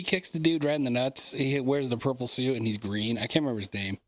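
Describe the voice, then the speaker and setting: A man from Canada hosting a podcast, asking questions in relaxed casual chat and swearing freely. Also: medium pitch, a little fast, hardly any pauses, no room sound. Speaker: podcast host.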